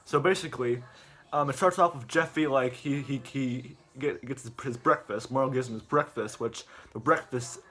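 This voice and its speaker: A man's voice: medium pitch, moderate pace, a bit bright. A man recapping a video in a casual, rambling rant, with stammering restarts and filler words. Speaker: video host.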